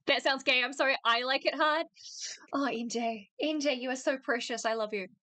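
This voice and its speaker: Woman, livestream host, crude teasing chat, bright voice, dry close mic. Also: sits high, moderate pace, no room sound. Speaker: streamer host. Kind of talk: casual livestream reaction chat.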